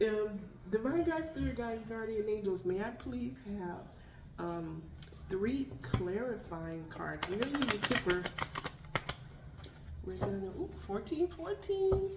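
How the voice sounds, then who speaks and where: A woman's voice: mid-range voice, expressive, takes it slowly. A woman doing a casual tarot card reading, chatting and talking to her pets between cards. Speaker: tarot reader. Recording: echoey room, faint noise.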